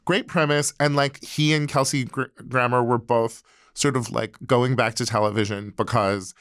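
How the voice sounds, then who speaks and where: A man guesting on a podcast, telling a story in a chatty, wry way with halting restarts. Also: medium pitch, fairly even intonation, a bit bright, clean tone, no room sound, studio quality. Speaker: podcast guest, comedy writer. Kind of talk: casual chat.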